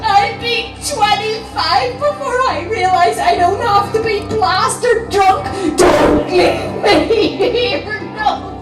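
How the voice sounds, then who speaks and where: A woman's voice: very high voice, takes it slowly, hardly any pauses, music in the background, pitched above the performer's own voice. A woman with a Northern Irish accent performing a frantic newborn baby who refuses to be born, in dramatic half-sung outbursts over a harp. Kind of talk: sung and spoken performance piece. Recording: roomy live hall, distant mic, harp.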